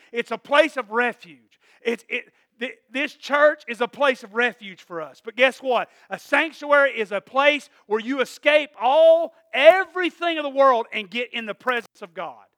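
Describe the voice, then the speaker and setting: High bright-voiced preacher guy in church, keeps asking amen, soft then loud. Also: normal speed, few pauses, no room sound, studio quality. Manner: call-and-response preaching, repeated "Amen?"; swings from quiet asides to loud emphatic peaks. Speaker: pastor. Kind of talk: sermon.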